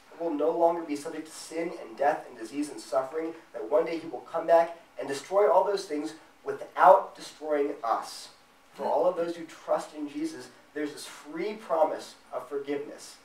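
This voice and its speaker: A man's voice: on the high side, slight background noise. A man giving an apologetics lecture at a student fellowship event, speaking emphatically and acting out imagined dialogue. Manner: emphatic, acts out imagined back-and-forth dialogue. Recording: roomy sound, mic at a distance.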